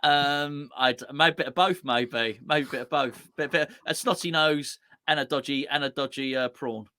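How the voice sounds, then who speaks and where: A man co-hosting a casual football podcast, jokey and quick to laugh. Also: fairly high pitch, steady tone, sharp tone. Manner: jokey, laughs a lot, stammers. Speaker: podcast co-host.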